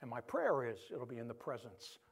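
A male pastor giving an animated sermon, moving between loud emphasis and soft, hushed moments. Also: medium pitch, brisk, vocal fry, husky.

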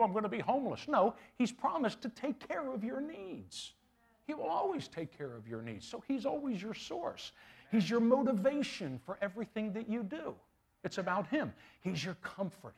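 Lively, husky-voiced preacher. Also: male voice, high voice. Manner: animated and conversational, with humorous asides. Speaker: pastor. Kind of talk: sermon.

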